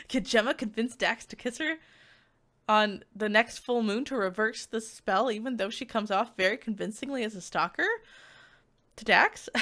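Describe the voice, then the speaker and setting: A woman's voice: a little high, sharp tone. A woman giving a casual book review vlog, chatty and giggly, with lots of filler words.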